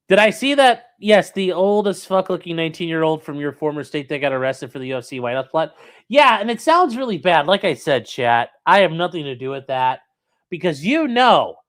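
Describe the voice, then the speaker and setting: A man's voice: on the high side, fairly bright tone. A young man hosting a casual call-in livestream from a room at home, rambling and joking while reading chat aloud. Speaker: call-in show host.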